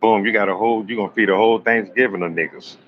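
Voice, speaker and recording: A man hosting a live astrology stream, telling raunchy comic stories in an animated, slangy way and joking with his chat. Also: fairly low pitch, rapid-fire, highs cut off, background noise. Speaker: astrology livestream host. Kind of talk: live tarot reading with raunchy comic storytelling.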